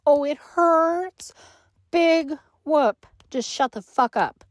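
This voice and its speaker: Woman acting as a cruel domineering woman, scornful, slow drawling delivery, sighs and hushed asides, dry close sound. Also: medium pitch, lively intonation, dry recording. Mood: menacing. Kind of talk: audio role-play.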